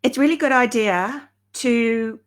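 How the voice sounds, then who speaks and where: A woman's voice: on the high side, slow pace. A woman, chatting casually and upbeat on a live stream from home, greeting viewers by name as she talks. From Ireland. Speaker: self-help speaker hosting a live stream. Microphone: webcam or phone live stream.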